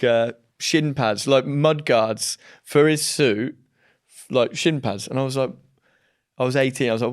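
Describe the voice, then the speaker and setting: A man's voice: mid-range voice, clear, resonant tone. A young man co-hosting a casual podcast, telling anecdotes in a chatty way with frequent restarts. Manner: chatty storyteller, lots of restarts. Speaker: podcast co-host. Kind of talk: casual conversation.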